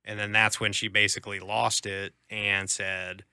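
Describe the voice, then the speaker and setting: Low, sharp-toned man telling a story. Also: level tone, normal speed, smooth, no room sound, clean studio sound. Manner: hesitant, many fillers, mimics quoted voices. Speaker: podcast co-host. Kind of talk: casual chat, reading a story aloud.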